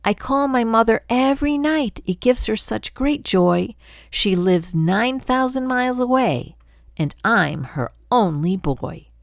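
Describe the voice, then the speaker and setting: A woman's voice: fairly high pitch, lively intonation, a little slow, vocal fry, no room sound, clean studio sound, pitched above the performer's own voice. A grandmother doing a smug jabbering glunk creature. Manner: sweet-talking, jabbering on. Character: chatty green male glunk creature, pushy and smug. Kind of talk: storybook read-aloud.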